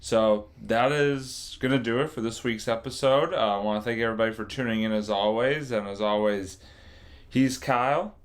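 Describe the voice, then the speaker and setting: A man hosting a casual sports podcast, giving a brisk, relaxed, routine sign-off. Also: mid-range voice. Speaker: podcast host.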